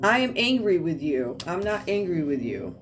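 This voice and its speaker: A woman's voice: fairly low pitch, very animated, normal speed. A woman doing a tarot reading for viewers, talking in a sassy, outspoken way and asking the cards to speak. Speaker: tarot reader. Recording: distant mic with loud music behind.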